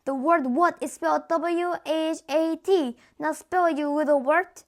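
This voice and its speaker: Woman doing a scornful giant headmistress, loud and barking, high, storybook reading. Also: unhurried. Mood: shouting. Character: huge bullying female headmistress, furious.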